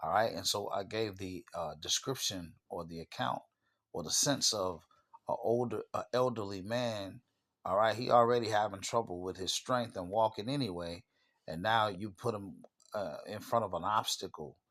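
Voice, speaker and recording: Deep-voiced man giving a sermon. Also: normal speed, fairly bright tone. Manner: punctuates with "all right" and "okay", emphatic, restarts. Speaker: channel host and preacher. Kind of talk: informal sermon with scripture reading.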